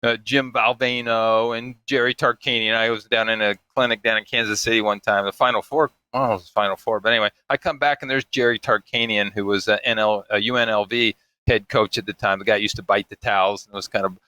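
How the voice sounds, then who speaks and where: A man's voice: on the low side, fairly even intonation, a little fast, few pauses, pushed and bright, clean tone, no room sound, poor audio. An older man and father telling family stories in casual, rambling chat, chuckling and acting out the voices of people he quotes. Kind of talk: casual storytelling.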